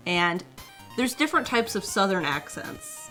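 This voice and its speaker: A woman's voice: medium pitch, sing-song, moderate pace, sharp tone, faint music behind. A woman co-hosting a casual chat show, adding details and finishing her partner's sentences. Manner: chatty, adds details and finishes his sentences. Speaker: co-host.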